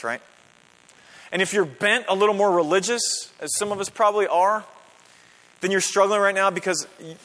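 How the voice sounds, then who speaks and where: A man's voice: a little high, fairly bright tone. A man preaching a sermon to a congregation in a conversational style, checking in with questions and building to emphatic peaks. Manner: builds to emphatic, rising climaxes. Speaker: pastor. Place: church sanctuary. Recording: long reverb of a church hall.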